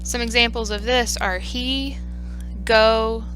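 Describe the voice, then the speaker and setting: A woman giving a scripted lesson on teaching reading, speaking clearly and in a measured way, slowing down on example words. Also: a little high, steady tone, fairly bright tone, faint music behind, low-quality recording. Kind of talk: scripted instructional narration.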